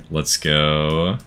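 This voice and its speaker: A man streaming a game live, chatting casually with his viewers and laughing often. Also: very deep voice. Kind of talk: casual live-stream chat while playing.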